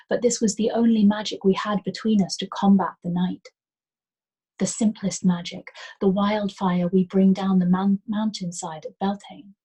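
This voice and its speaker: A woman storyteller reads a novel aloud in a soft, gentle way, now and then dropping to a whisper. Her medium-pitched voice has a breathy edge, and the audio quality is poor.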